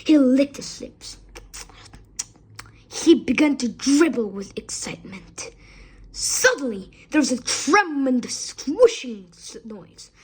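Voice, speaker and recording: A woman's voice: high voice, very animated, takes it slowly, husky. A woman reading a children's story aloud expressively, with small slips.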